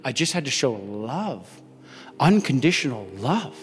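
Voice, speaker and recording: Young male pastor, slightly high voice, animated storytelling sermon in a reverberant hall. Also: normal speed, faint music behind. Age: young adult. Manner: animated, acts out dialogue in story.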